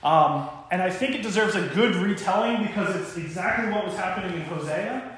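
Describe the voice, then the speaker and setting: A young male pastor giving a sermon, telling stories with animated voices for God and a parent. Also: high-pitched, brisk. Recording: very echoey church room.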